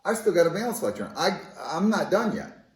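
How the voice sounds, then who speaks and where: A man's voice: sits high, big pitch swings, fairly quick, reverberant, pitched above the performer's own voice. A man voicing a pushy male magnesium atom who is not done yet, in playful classroom voice acting. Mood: indignant.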